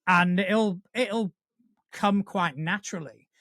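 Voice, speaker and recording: A man from Spain co-hosting a podcast who talks in a casual chat style, pausing and restarting often. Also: high voice, a bit bright, dry recording, studio quality. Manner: hesitant, with many restarts and fillers. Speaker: podcast co-host.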